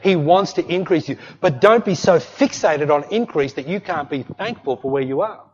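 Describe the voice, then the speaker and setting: A middle-aged male pastor preaches with an emphatic, repetitive delivery, calling out to his congregation. His voice sits a little higher than most men's. It rings with long reverb through a church hall, captured on a dull, lo-fi recording. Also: animated, normal speed, darkish tone. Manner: emphatic preaching with repeated "hey" and "don't fret". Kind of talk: sermon.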